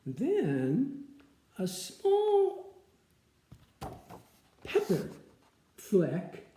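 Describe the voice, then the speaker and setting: A woman reading a picture book aloud in an expressive, sing-song way. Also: medium pitch, extremely slow. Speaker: storyteller. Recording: echoey room.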